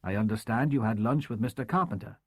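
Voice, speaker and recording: A man's voice: mid-range voice, fast, breathy edge, dry recording, studio quality, lightly acted. Man voicing a dogged, businesslike police superintendent. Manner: formal, businesslike, probing. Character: middle-aged male police superintendent, dogged and formal. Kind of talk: audiobook character voice.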